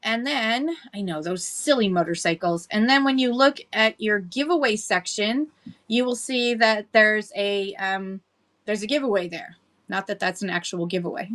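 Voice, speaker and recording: A woman's voice: medium pitch, lively intonation, moderate pace, fairly bright tone. A woman hosting a casual livestream chat, chatty and laughing often as she greets viewers by name. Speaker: livestream seller host.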